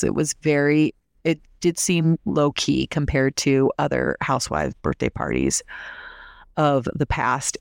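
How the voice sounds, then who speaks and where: A woman's voice: deep voice, vocal fry, no room sound, studio quality. A woman recapping a reality TV episode in a casual, opinionated way, saying "like" often. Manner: chatty and opinionated, heavy use of "like".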